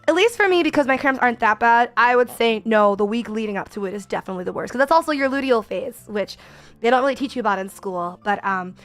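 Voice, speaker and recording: High-voiced candid young woman streamer. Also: quick pace. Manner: candid, chatty and expressive. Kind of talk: casual chat.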